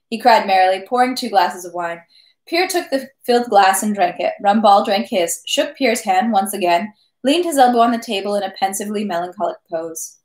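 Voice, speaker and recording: A woman's voice: mid-range voice, brisk. Woman reading a novel aloud, echoey room. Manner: steady, with small slips and self-corrections. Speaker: reader of a novel. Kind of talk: read-aloud of a classic novel.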